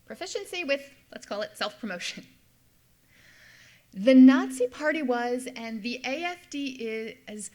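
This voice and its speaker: A middle-aged woman delivers a history lecture in a slightly high voice. She explains step by step, circling back to restate her key points for emphasis. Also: expressive, unhurried, a little mellow. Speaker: history professor giving a lecture. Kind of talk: lecture with slides.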